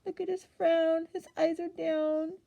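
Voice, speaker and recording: A woman's voice: very high voice, flat delivery, unhurried, gravelly, muffled recording. A young woman reading a picture book aloud to children, asking them questions and gasping as she goes. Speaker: storyteller.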